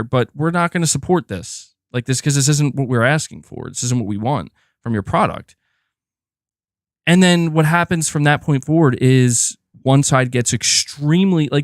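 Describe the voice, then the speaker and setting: A man hosting a casual gaming livestream, ranting in a loose, animated way with lots of filler words and free swearing. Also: on the high side, no room sound, clean studio sound. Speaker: gaming podcast host.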